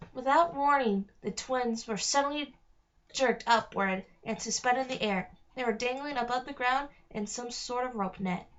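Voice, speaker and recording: A woman reading a storybook aloud with a fairly high voice, careful and steady with the odd slip. The recording sounds dull and lo-fi. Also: normal speed. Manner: careful, with small slips. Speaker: reader. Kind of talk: read-aloud narration.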